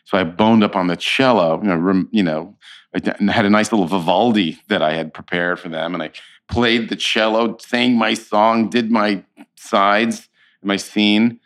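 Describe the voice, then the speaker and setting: Deep voiced guy in his 50s, actor being interviewed, animated storyteller. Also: moderate pace. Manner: animated storyteller, acts out quotes. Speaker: actor guest. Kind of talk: casual interview chat.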